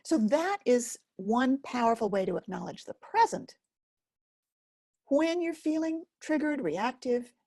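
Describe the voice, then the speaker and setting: A woman teaching a guided self-help lesson, speaking gently and slowly with many pauses. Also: fairly high pitch, breathy edge, dry recording, clean studio sound. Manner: gentle, slow and pausing, speaks as if to a listener. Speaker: focusing teacher.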